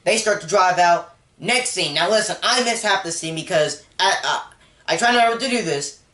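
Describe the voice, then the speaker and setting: Reviewer channel host, chatty recap with lots of filler, mid-pitched voice in an echoey room. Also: lively intonation, moderate pace, fairly bright tone. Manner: rambling, heavy use of "like", emotional about the story. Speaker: movie reviewer. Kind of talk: casual spoken film recap.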